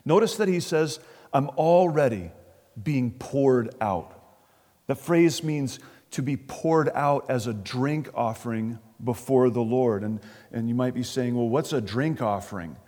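A man's voice: medium pitch, a little slow, darkish tone. A man preaching an expository sermon, earnest, often repeating words as he stresses a point. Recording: long reverb of a large hall.

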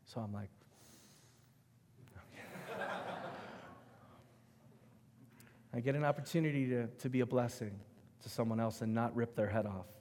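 A middle-aged male pastor preaches in a church sanctuary, his voice carrying a long reverb tail through the hall. He tells stories with animated emphasis, alternating between loud and hushed passages, at a mid-range pitch. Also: fast talker. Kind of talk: sermon with personal storytelling.

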